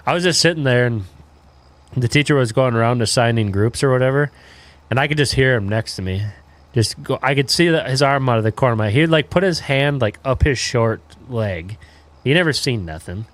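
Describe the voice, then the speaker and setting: A man's voice: medium pitch, expressive, a little fast. A man in his twenties, a livestreamer telling a crude story in laid-back, rambling casual chat full of fillers.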